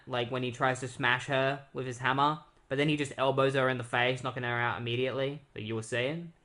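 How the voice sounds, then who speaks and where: A man at an ordinary mid pitch talks through a comic book plot in a loose, chatty way. His retelling is full of "like" and "um," and he briefly mimics the characters as he quotes them. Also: fairly even intonation, pushed and bright. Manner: loose, filler-heavy retelling with lots of "like"; slips into quick quoted voices of characters. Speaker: podcast co-host. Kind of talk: casual comic book recap.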